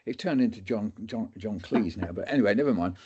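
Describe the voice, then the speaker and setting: A man's voice: on the low side, lively intonation, brisk, a little mellow, slightly rough. A man in his seventies, guest speaker at a webinar, telling a humorous story in a chatty, self-deprecating way. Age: 70s. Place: webinar recording. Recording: dull lo-fi audio.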